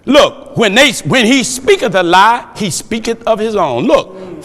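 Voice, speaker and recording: A man preaching a fiery sermon, shouting his points with chuckling asides between them. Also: sits high, very animated, normal speed, hardly any pauses. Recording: long hall reverb.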